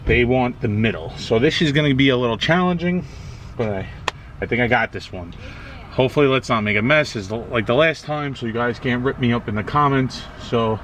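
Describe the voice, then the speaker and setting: A man's voice: medium pitch, brisk, a bit bright. A man doing his own oil change outdoors on a street, narrating casually to viewers and cursing in frustration. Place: outdoors on a street beside a car. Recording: noisy street recording, cars passing. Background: passing traffic.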